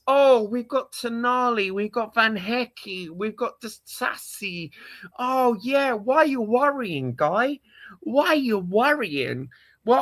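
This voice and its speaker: A man's voice: high-pitched, no echo. Exasperated London man ranting on stream. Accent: London English. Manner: animated, exasperated, repetitive, swears often. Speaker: live streamer, football fan. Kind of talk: casual livestream rant.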